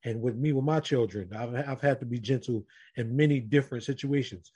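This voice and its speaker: A man's voice: mid-range voice, fairly quick, warm tone, husky. A man leading a casual group podcast chat, telling an earnest personal story and speaking directly to the others around him.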